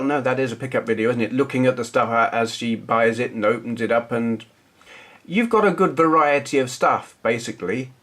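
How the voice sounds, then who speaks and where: A man's voice: mid-range voice, a bit bright. Rambling southern English man vlogging. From southern England. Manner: rambling, self-correcting, chatty. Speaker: retro gaming vlogger. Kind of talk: casual talk to camera.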